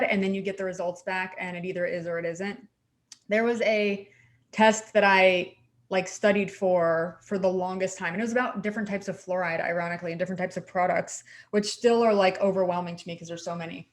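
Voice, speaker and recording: A woman's voice: fairly low pitch, brisk. Woman hygienist cohost, upbeat and encouraging, lots of like, chatty podcast talk. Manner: animated, encouraging, says "like" often. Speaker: podcast co-host, dental hygienist. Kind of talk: casual chat.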